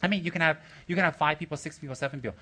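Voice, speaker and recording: A man with a fairly high voice leads a loose, teasing talk to his students. His tone is bright and forceful, and he keeps joking, laughing and coaxing the room with questions. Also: racing. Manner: joking and playfully rude, laughing often, bursts of loud excitement. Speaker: spiritual teacher addressing his students. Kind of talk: teasing, rambling talk to a group.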